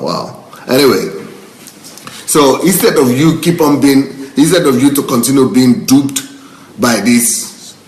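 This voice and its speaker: Emphatic man in an echoey room. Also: mid-range voice. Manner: indignant, emphatic, repeats phrases for effect; breaks into laughter. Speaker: pastor. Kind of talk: live commentary answering viewer comments.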